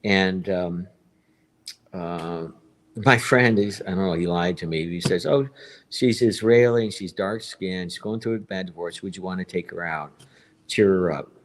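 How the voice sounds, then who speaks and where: A man's voice: sits low, moderate pace. A man in his fifties telling a long personal story on a live stream, rambling and circling back to repeat himself.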